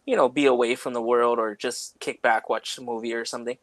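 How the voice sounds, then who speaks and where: A man's voice: medium pitch, steady tone, brisk, fairly bright tone, no room sound. A man co-hosting a podcast, chatting casually in a rambling way, full of "like" and "you know". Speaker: podcast co-host. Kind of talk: casual chat.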